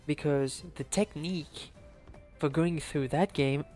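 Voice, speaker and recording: A man's voice: on the high side, slow, a little mellow, soft background music. A man from France with a French accent, chatting casually and laughing often as he streams a speedrun. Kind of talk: casual live-stream commentary.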